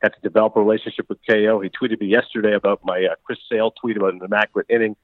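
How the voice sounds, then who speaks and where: A middle-aged man from Canada, a sports broadcaster chatting as a guest in an interview, who talks quickly and acts out the dialogue he quotes. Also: on the low side, little pitch movement, no echo. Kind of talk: casual interview chat. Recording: tinny phone-like line.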